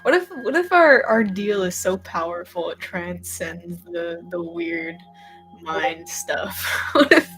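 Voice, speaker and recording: A woman's voice: on the low side, expressive, takes it slowly, fairly bright tone, soft background music, poor audio. A woman playing a tabletop game in casual chat, wry and laughing. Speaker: player.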